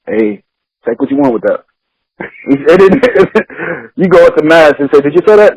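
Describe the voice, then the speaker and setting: A man's voice: fairly high pitch, expressive, moderate pace, a little mellow, slightly rough, no room sound, rough recording. A man talking on a casual podcast. He laughs often, swears freely and acts out the people in his stories. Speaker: podcast host.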